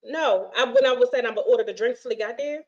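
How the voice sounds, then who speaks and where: Animated, profane woman telling a dating story. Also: a little high, fast talker, slight background noise. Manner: animated, profane, acts out dialogue. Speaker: host. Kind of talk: casual storytelling chat. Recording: dull lo-fi stream audio.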